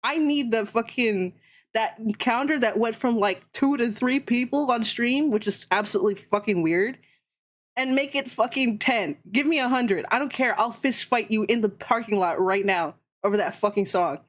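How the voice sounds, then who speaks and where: A woman's voice: fairly high pitch, normal speed. Fiery, foul-mouthed young woman streamer ranting. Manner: heated, profane, sarcastic ranting. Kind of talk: casual ranting stream chat.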